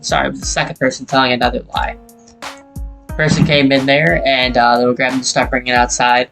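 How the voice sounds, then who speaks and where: A young man of middling pitch tells a frustrating story in a loose, rambling way and swears freely as he gets worked up. Soft music plays faintly underneath. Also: level tone, quick pace, gravelly. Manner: heated, profane, rambling retelling. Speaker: gaming channel host. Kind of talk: casual storytelling over gameplay.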